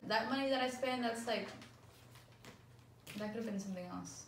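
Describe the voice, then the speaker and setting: A woman sits in on a friend's storytime, dropping in short remarks in a casual tone. The room is echoey, and clear background noise and clicks are heard behind her. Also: fairly high pitch, moderate pace. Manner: chimes in with short comments. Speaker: co-host friend. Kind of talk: casual chat.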